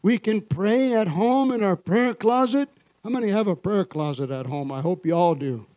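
Male pastor, sermon delivery, slightly high pitch, dry close sound, conversational asides. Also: lively intonation, moderate pace, a little mellow, dry recording. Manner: call-and-response, frequent "Amen?" and chuckles.

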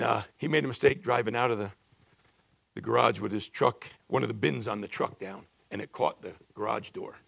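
A man in his sixties preaching a sermon, building to emphatic peaks and dropping low and confiding when he tells stories. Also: creaky, fairly bright tone, slightly rough, no echo. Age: 60s. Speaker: pastor.

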